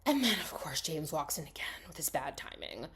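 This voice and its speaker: A young woman casually recapping a film plot, chatty and full of "like", swinging between excited bursts and hushed asides. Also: sits low, normal speed, in a whisper.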